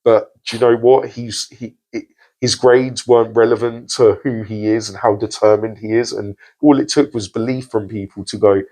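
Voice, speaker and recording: Low, mellow-voiced podcast host. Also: male voice, steady tone, moderate pace, rough recording. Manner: earnest, hesitant with fillers. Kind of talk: casual podcast interview.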